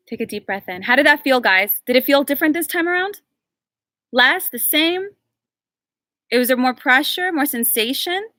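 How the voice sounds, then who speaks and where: Woman, energy healer, group workshop, bright tense voice, dry close sound, chatty then slow and measured. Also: high-pitched, lively intonation, dry recording. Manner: chatty and encouraging, slowing to a measured invocation when leading the prayer. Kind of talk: live workshop teaching and guided meditation.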